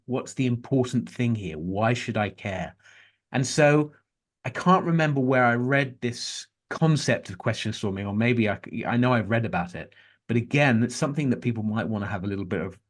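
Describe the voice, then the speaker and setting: Animated man telling stories. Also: lowish voice. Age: middle-aged. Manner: animated storyteller, frequent restarts. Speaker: podcast guest, journalist. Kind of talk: conversational interview.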